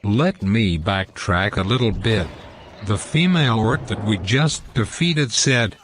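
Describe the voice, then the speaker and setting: A man narrating a game walkthrough, deliberately reading out lore and in-game quotes. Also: fairly low pitch, expressive, a bit bright, slight background noise. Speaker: gameplay commentator.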